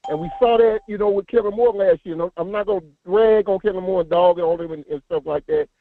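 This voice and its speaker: A man calling in over a tinny phone line, his voice high and the sound bone dry with no room around it. He rambles emphatically and circles back on his words as he makes his point. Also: animated, quick pace, no room sound. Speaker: caller. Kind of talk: casual call-in chat.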